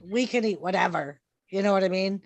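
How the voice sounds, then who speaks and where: Woman, wrestling show host, chatty, homely small talk, mid-pitched. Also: a little fast, gravelly. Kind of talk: casual online panel chat.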